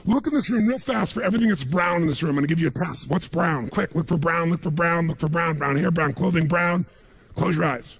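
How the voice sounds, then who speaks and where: Raspy, gravelly motivational speaker man. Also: fairly high pitch, fairly quick, a bit bright. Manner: emphatic, calls out questions for the crowd to answer. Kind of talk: motivational seminar talk to a live audience.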